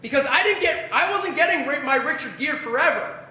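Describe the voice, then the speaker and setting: Very high-voiced man in an echoey bar. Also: lively intonation, fairly quick, pushed and bright. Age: 20s. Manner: rambling, profane, self-deprecating. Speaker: open mic performer. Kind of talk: stand-up storytelling. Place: bar open mic night.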